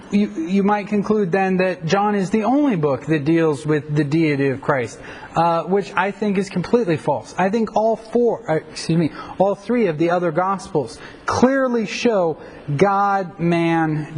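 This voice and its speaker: High-voiced male pastor teaching. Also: a little mellow, slight background noise, poor audio. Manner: conversational, frequent fillers and self-corrections. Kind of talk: Bible teaching lecture.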